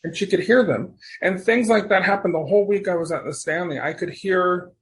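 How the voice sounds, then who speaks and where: A podcast guest, a man with a notably high voice, tells stories in a loose, animated way. He wanders through his sentences, restarts them and trails off. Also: brisk. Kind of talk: casual storytelling conversation.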